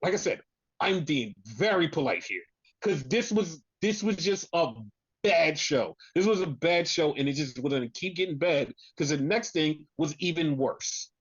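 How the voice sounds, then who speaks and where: A podcast co-host rants in casual conversation, swearing constantly and getting more worked up as they go. Their pitch jumps around with a lot of animation. The audio is dull and lo-fi. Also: moderate pace, breathy edge. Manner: animated, profane ranting. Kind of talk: casual wrestling podcast chat.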